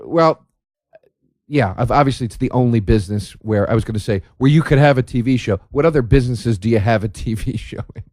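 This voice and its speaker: A man hosts a solo comedy podcast, rambling in a sardonic, profane way and restarting his sentences. His voice sits at an ordinary middle pitch, and the recording is dry with no room sound. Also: fairly quick, darkish tone, no room sound. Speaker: podcast host. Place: indoor room by a window.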